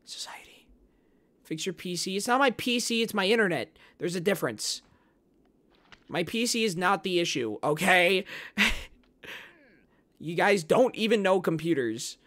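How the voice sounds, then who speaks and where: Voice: medium pitch, animated, normal speed, long pauses, fairly bright tone. A game streamer giving live commentary, ranting and joking at the chat while frustrated with the game.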